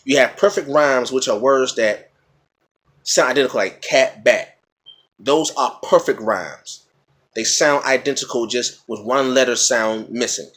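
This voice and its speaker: A man with a husky, mid-range voice talks through rhymes like a patient teacher. He repeats example words, stops to ask "okay?", and keeps a casual vlog tone. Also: mid-range voice, measured pace, fairly bright tone. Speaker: vlogger explaining battle rap. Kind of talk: casual explanatory talk.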